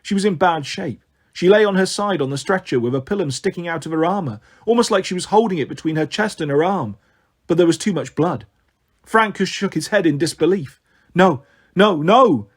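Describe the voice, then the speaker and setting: A man narrating an adventure novel in a measured, expressive reading voice. His voice sits a little high for a man. He paces the action steadily. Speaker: audiobook narrator. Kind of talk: storytelling narration.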